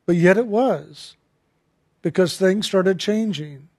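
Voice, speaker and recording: A man who is a spiritual teacher, retelling a conversation in a calm, reflective talk with repeated phrases. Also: high-pitched, takes it slowly, dry recording, studio quality.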